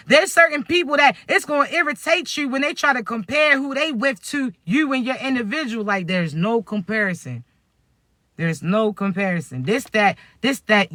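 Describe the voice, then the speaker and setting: A man giving a casual spiritual reading to his viewers, slangy and animated, who keeps asking if they understand. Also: very high voice, no echo, clean studio sound. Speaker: spiritual reader.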